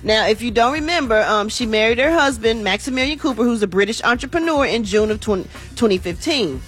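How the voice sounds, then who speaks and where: A woman's voice: fairly high pitch, lively intonation, brisk, a bit bright, faint music behind. A woman hosting an entertainment news segment on a morning radio show, talking in a chatty, folksy way. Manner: chatty, folksy, says y'all and honey.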